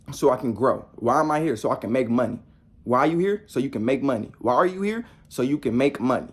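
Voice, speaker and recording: A man's voice: mid-range voice, slightly rough. A young man giving a blunt, profane motivational talk to the viewer, hammering on repeated rhetorical questions. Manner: preachy, talks straight to the viewer. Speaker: motivational vlogger. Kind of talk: casual motivational monologue.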